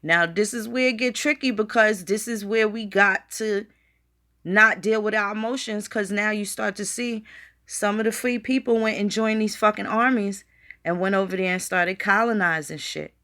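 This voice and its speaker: A woman hosting a loose, unscripted stream from her computer. She talks straight to her viewers, rambles from one thought to the next, and swears freely. Her pitch sits in an ordinary middle range for a woman. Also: steady tone, normal speed, pushed and bright. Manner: rambling, profane, conversational, addresses viewers directly. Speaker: channel host. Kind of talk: casual livestream talk.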